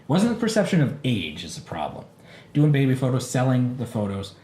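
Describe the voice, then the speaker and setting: A man's voice: mid-range voice, a little fast. Self-mocking man in an echoey room. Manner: animated, self-mocking storyteller. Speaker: podcast co-host. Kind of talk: casual chat. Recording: echoey room with faint background noise.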